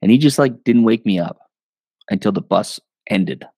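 A man, a podcast guest, telling stories in a loose, animated way, full of fillers and quick laughs. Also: fairly low pitch, dry recording. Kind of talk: casual storytelling.

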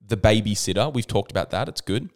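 A man co-hosting a casual podcast, retelling a movie plot in a rambling, animated way with quick impressions. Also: fairly low pitch. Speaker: podcast co-host. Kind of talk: casual chat about movies.

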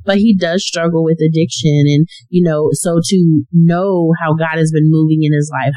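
A man's voice: fairly high pitch, mellow, no echo, poor audio. A man hosting a faith-based podcast, affirming and effusive as he encourages listeners. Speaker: podcast host.

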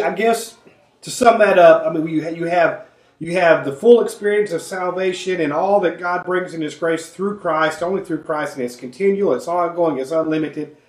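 A man leading a conversational Bible study, earnest, often coughing and clearing his throat. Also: fairly high pitch, darkish tone. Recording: echoey room.

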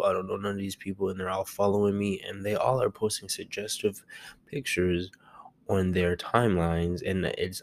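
Gravelly low-voiced young man rambling. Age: young adult. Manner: chatty, rambling, self-amused; talking quietly at home. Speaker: podcast host. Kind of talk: casual solo podcast chat. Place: home.

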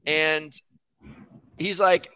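Bright-voiced man telling a rambling story. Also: on the high side, steady tone, drawn-out words, smooth, no room sound. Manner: rambling storyteller who acts out quotes, says "like" often. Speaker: podcast guest, lumberjack. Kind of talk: casual podcast chat.

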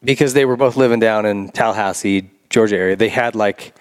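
Relaxed man asking follow-up questions. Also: lowish voice, a little fast, clean tone. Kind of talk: casual podcast conversation.

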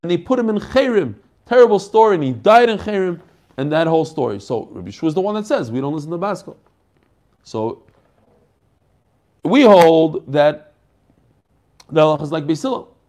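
A man teaching a daily Talmud class, explaining quickly and animatedly with Hebrew and Yiddish terms. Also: fairly high pitch, very animated, darkish tone.

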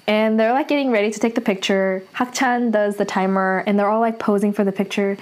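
A woman's voice: medium pitch, steady tone, fairly quick, few pauses. A woman casually recapping and reviewing a TV drama, chatty and full of fillers and restarts.

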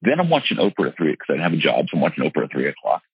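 Low, gravelly, slightly husky man; earnest interview storyteller, emphatic with lots of restarts; dry, dull sound. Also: huge pitch swings, rapid-fire, dry recording. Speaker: real estate investor and seminar teacher. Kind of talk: candid personal storytelling in an interview.

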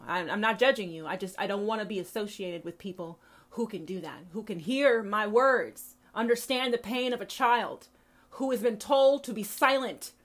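A woman hosting a podcast, delivering an impassioned spoken sermon monologue, emphatic and profane, with repetitions and prayerful asides. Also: mid-range voice. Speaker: podcast host.

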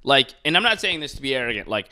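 A man's voice: mid-range voice, big pitch swings, quick pace, pushed and bright. A man, a comedian, hosting a casual podcast chat, ranting with profanity.

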